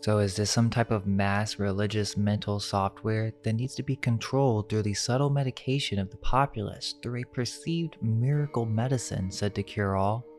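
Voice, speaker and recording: A man reading a scripted narration in a measured, suggestive way, full of rhetorical questions. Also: on the low side, fairly even intonation, darkish tone, faint music behind. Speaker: narrator of a conspiracy video.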